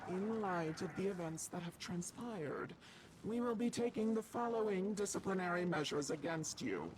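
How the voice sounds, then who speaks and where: A woman's voice: lowish voice, normal speed, background noise, natural voice. An actress playing a formal female corporate official reading out a penalty in a game.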